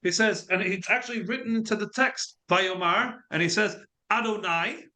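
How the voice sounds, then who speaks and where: Bright-voiced rabbi teaching with halting restarts. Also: male voice, high-pitched. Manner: halting, many fillers and restarts. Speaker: rabbi teaching a Torah class. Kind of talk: Torah class lecture with storytelling.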